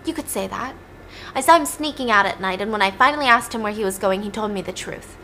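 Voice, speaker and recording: A woman's voice: mid-range voice, fast talker, sharp tone, slight background noise. A woman retelling courtroom testimony as a grieving mother who accuses the girl, gossipy. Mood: accusing. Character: grieving small-town mother on the witness stand.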